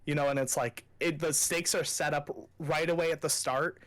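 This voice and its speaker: A man's voice: fairly high pitch, fairly even intonation, normal speed. A young man co-hosting a podcast, chatting casually and gushing with enthusiasm, swearing freely. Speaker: podcast co-host. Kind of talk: casual chat.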